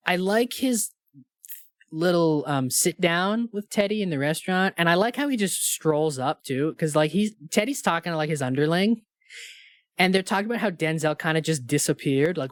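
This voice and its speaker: A man's voice: a little high, moderate pace, no echo. Man, podcast co-host, casual movie chat, enthusiastic, swears casually, dry close sound. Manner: laid-back, enthusiastic, swears casually, laughs often.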